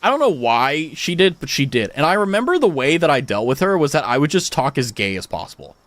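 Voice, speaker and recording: A man's voice: fairly high pitch, brisk, no room sound. A young adult man with an American accent, a streamer telling stories in casual chat with his viewers, full of fillers and swearing. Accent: General American. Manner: animated storytelling, frequent swearing, many fillers.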